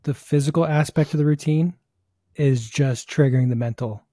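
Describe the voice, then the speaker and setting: A man's voice: on the high side, moderate pace, warm tone, no echo, studio quality. A man hosting a baseball podcast, talking through ideas in a thoughtful, rambling casual chat. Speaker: host, hitting coach.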